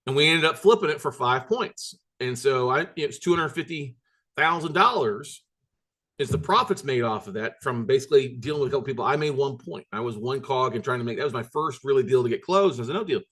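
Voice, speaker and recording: A man's voice: mid-range voice, lively intonation, fairly quick, a bit bright. A man hosting a recorded business workshop, telling stories in a blunt, emphatic, repetitive way with mild swearing. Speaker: workshop host and note-buying coach.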